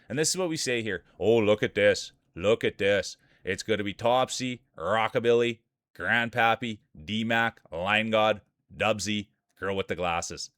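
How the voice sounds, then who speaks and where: A man with a Canadian accent from Saskatchewan, hosting a live stream and calling marble races with energetic, hyped announcer-style banter aimed at his chat. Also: lowish voice, clean tone, no echo, clean studio sound.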